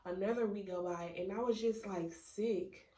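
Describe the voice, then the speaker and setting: A woman's voice: medium pitch, moderate pace, dark tone. An eighteen-year-old woman telling a casual storytime, chatty and full of fillers, talking straight to her viewers. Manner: chatty, filler-heavy, addresses viewers as y'all. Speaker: vlogger. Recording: echoey room, mic at a distance, noisy.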